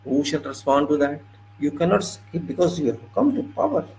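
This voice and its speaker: A man delivers an impassioned monologue, his gravelly voice rising in indignation as he lectures and repeats himself. A faint hum sits under the recording. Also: on the high side, normal speed, darkish tone, low-quality recording. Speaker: political commentator.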